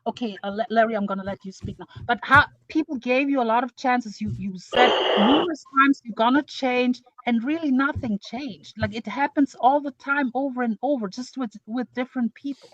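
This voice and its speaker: A woman's voice: a little high, a little fast, hardly any pauses, a bit bright, dry recording. A woman on an online panel pressing someone with accusing questions. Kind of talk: heated argument. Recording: slightly dull sound.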